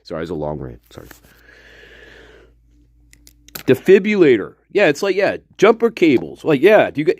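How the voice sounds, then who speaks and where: Man, livestream host, lively swooping pitch, profane, emphatic, rhetorical questions, dry close sound. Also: moderate pace, long pauses, dry recording. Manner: greets chat viewers by name. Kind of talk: casual livestream rant.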